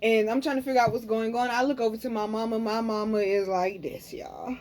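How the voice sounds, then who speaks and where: A woman's voice: on the high side, fairly quick. A young woman, casually telling viewers a story and often checking in with them. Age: young adult. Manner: animated, talks to viewers as "y'all", frequent "okay?". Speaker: spiritual reader and vlogger.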